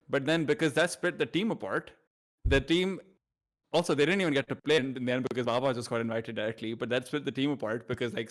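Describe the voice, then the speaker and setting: Rambling Pakistani-accented man. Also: mid-range voice. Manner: rambling, full of fillers and restarts. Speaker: esports commentator guest. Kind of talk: casual podcast chat.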